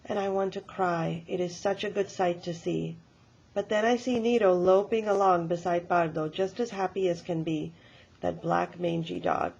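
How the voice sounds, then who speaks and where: An old grandmother, voiced by a woman in a storybook reading, tells her tale with emphatic, lively delivery. Her voice is husky and on the low side, and the recording sounds dull and lo-fi. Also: moderate pace. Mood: storytelling. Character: elderly grandmother telling a stubborn-childhood tale.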